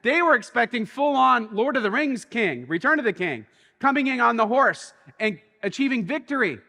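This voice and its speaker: At normal speed and with some vocal fry, a pastor preaches a sermon in a high, bright voice. He tells a story animatedly, softening and then surging with excitement, as long church-hall reverb trails behind.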